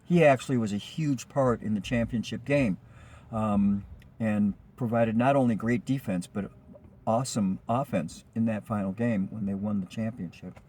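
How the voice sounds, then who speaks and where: A man's voice: lowish voice, normal speed, a little mellow. Chatty man telling a road story. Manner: rambling, chatty storytelling with frequent ums. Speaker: rideshare driver telling a story. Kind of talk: casual spoken anecdote.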